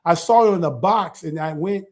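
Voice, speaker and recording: A man, a church elder, talking through an informal teaching in a lively way, often repeating himself and asking "right?". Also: fairly high pitch, moderate pace. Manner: animated, keeps checking in with "right?"; repetitive, stumbles and restarts.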